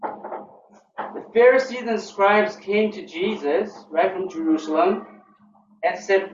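A man leading a casual Bible study as pastor, halting with fillers and restarts, asking his group questions. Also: high voice. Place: church room. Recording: roomy, distant, dull lo-fi recording with faint noise.

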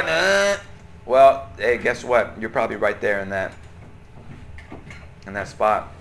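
A young adult man leading a church group discussion, conversational and animated, often asking questions. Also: mid-range voice, moderate pace, pauses often. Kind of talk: interactive church teaching.

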